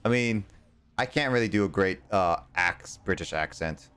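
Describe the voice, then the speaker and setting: A man's voice: sits low, lively intonation, normal speed, fairly bright tone, clean tone. A male streamer chatting casually while playing a game, rambling with plenty of fillers. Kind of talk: casual chat while gaming.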